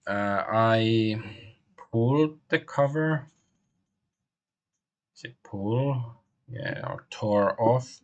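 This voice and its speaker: A man streaming a game, translating the on-screen text aloud as he goes, with frequent pauses and restarts. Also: medium pitch, muffled recording. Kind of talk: live game stream commentary.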